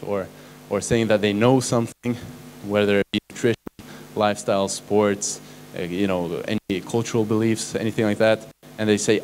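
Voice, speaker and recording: A man's voice: fairly low pitch, slight background noise. A man, a doctor, giving a lecture to a live audience in a conversational way, often tossing questions and "right?" at listeners. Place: conference hall stage.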